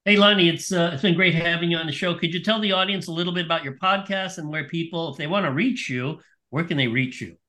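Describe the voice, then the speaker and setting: Male host, bright and forceful, a little high, thoughtful and prone to restarts. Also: fast. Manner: thoughtful, restarts his sentences. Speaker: podcast host. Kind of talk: casual podcast conversation.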